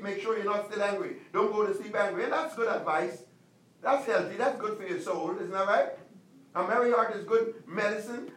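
A male pastor preaching a sermon, emphatic, repeating commands and slowing down to stress them. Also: high voice, a bit bright, echoey room, distant mic, low-quality recording.

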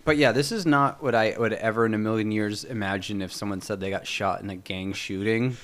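A man's voice: lowish voice, fairly even intonation, fairly quick. A man casually recapping a TV episode, rambling with lots of fillers and acting out the characters' lines. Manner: rambling, many fillers and acted-out quotes. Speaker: podcast host.

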